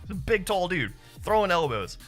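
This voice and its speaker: Thirtysomething streamer guy, laid back, swears a lot, laughs a ton, bright voice that bounces all over, soft music under him. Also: high-pitched, very animated, normal speed. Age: 30s. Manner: loose, profane storytelling with frequent laughs. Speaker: live streamer. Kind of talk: casual chat with viewers.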